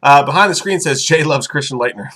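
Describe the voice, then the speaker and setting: A man's voice: fairly high pitch, fast talker, pushed and bright. A man co-hosting a casual podcast, laughing often and reading viewer comments aloud. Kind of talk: casual chat.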